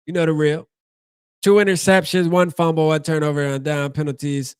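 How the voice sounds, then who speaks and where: A man's voice: a little high, level tone, normal speed, smooth, no room sound, clean studio sound. A man hosting a fan postgame show, ranting casually with slang and lots of repeats and restarts.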